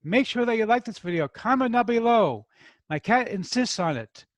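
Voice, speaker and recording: With an extremely high-pitched, animated voice at a moderate pace, this product review host from New York chats and jokes casually with his viewers. He has no regional accent, and there's no room sound.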